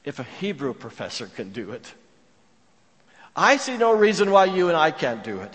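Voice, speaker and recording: A man preaching a sermon, telling stories earnestly and dropping to a hush for quoted prayers. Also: mid-range voice, expressive, moderate pace. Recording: long reverb of a large hall.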